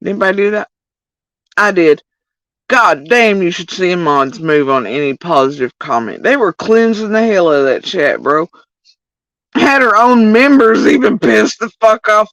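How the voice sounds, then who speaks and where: A woman's voice: fairly low pitch, normal speed, no echo, poor audio. A woman livestreamer talking casually to her chat in a profane, heated rant, addressing viewers directly. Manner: profane, animated ranting.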